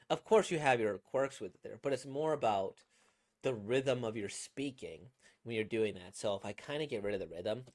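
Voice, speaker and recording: A man in casual reaction commentary, rambling and self-critical as he reviews a comic and his own voice acting. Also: mid-range voice. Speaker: manga reader and reviewer.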